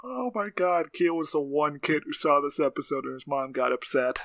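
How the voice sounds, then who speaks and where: Bright, gravelly, excitable male co-host. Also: a little high. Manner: excitable, quick to laugh. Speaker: podcast co-host. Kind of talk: casual chat.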